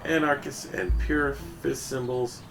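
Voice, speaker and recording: A man's voice: medium pitch, fairly even intonation, unhurried, gravelly, noisy background. A man reading a first-person story aloud in a casual way, correcting himself as he goes. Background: music.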